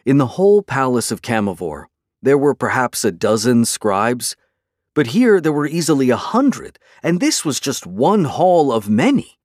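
A man narrating a fantasy novel in a steady, measured storytelling manner. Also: medium pitch, no echo, studio quality. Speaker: audiobook narrator.

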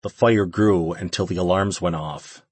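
Deep, husky male narrator. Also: moderate pace, darkish tone, dry recording. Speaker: audiobook narrator. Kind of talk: scripted narration.

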